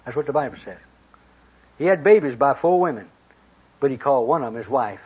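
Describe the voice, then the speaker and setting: Husky-voiced preacher telling a folksy sermon. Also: male voice, medium pitch, a little fast. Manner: folksy, retells scripture in plain talk with lively quoted voices. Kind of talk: storytelling sermon. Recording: dull lo-fi recording.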